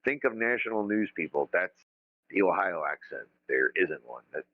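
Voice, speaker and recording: A man's voice: low voice, expressive, moderate pace, dry recording, phone-quality sound. A man from Kentucky hosting a casual livestream chat, profane and jokey, often mimicking other people. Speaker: podcast host.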